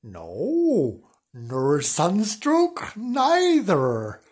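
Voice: medium pitch, wildly swooping pitch, very slow, darkish tone, slightly rough, pitched above the performer's own voice, heavily acted. A storyteller voicing a grinning, simple-minded male sausage seller in a muddle of silly accents. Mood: plain.

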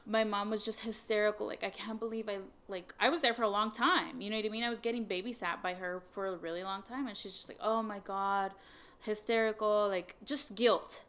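A young woman casually telling a personal story, candid, swearing freely and filling her talk with "like" and "um". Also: medium pitch. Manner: candid, swears, many fillers, animated retelling of dialogue.

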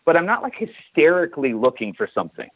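A man's voice: fairly high pitch, very animated, quick pace, slight background noise. A man in his forties from California, a chiropractor guest telling a story in a casual interview and acting out the dialogue. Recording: tinny phone-like dry line.

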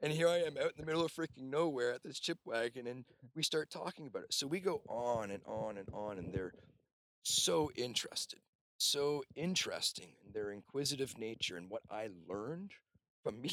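A man's voice: medium pitch, animated, normal speed, fairly bright tone, dry recording. Man telling rambling stories, dry sound. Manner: rambling storyteller, casual swearing. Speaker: off-grid cabin host. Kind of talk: casual conversation.

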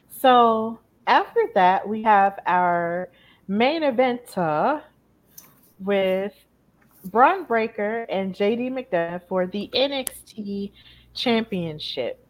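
Casual co-host: woman, chatty recap voice, animated storytelling, mid-range pitch. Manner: chatty, animated retelling with acted-out quotes. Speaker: podcast co-host. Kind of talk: casual wrestling recap chat.

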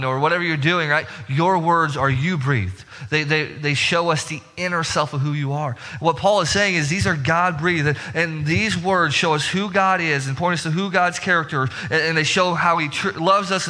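A man preaching a sermon as pastor, emphatic and repetitive, climbing higher in pitch as he presses his points. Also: sharp tone. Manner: emphatic, repeats words and restarts, rises in pitch when stressing points. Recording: long reverb of a hall.

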